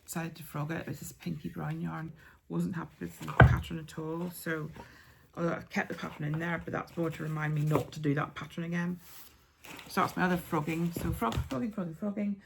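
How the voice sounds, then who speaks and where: Female craft-podcast host, casual and chatty, heavy vocal fry, faint background noise. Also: deep voice, little pitch movement, brisk. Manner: chatty, with many ums and soft asides. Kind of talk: casual chat showing yarn and patterns.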